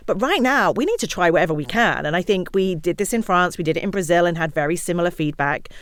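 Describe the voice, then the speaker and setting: A woman, a misinformation researcher, talking as a podcast guest, lively and often acting out other people's words. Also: on the low side, fast talker, no room sound. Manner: animated, acts out quotes of others. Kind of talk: podcast conversation.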